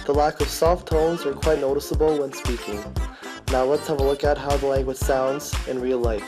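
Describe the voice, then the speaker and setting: A man narrating an educational piece in a measured, explanatory reading style. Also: mid-range voice, steady tone, over music, low-quality recording.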